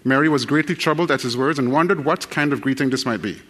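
Male preacher, casual and joking, average pitch. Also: quick pace, a bit bright, big-room sound. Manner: folksy, joking, addresses the crowd directly. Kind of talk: sermon with fast scripture reading.

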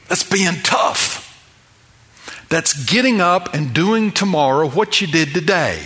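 Slow, bright-voiced preacher man. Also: on the high side, expressive. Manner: emphatic, builds with repeated phrases. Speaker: pastor. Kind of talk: sermon.

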